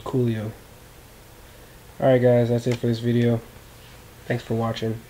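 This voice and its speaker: A man hosting a casual software tutorial in a loose, rambling way, often correcting himself, recorded at a desktop computer mic. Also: mid-range voice, monotone, measured pace, slight background noise, low-quality recording. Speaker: tutorial host.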